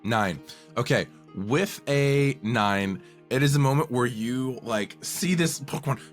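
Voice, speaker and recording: A man's voice: medium pitch, unhurried, faint music behind. A man narrating as game master, rambling with many fillers as he describes scenes.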